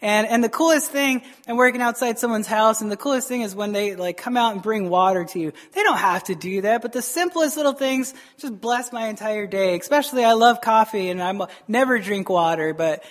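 Male pastor, conversational sermon, talks to the congregation like friends, throws in quick acted lines. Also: high-pitched. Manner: chatty, keeps asking "right?" and acts out quick voices.

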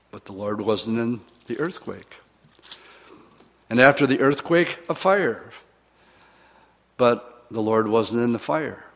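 A man preaching a sermon and acting out the lines of the people he quotes. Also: medium pitch. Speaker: pastor. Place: church. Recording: long reverb of a church hall.

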